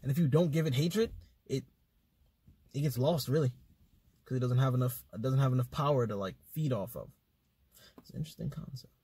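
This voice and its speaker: A man chatting as a podcast guest, animated and slangy as he tells stories, swearing freely. His voice sits at a middling pitch with a husky, breathy grain. It is recorded close and dry. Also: brisk, pauses often, dry recording. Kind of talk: casual conversation.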